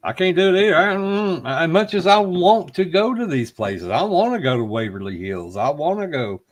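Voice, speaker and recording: A man's voice: a little high, expressive, moderate pace. A middle-aged man, co-hosting a podcast and telling a ghost story in casual chat, swearing freely and acting out voices. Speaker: podcast host. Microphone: live stream call.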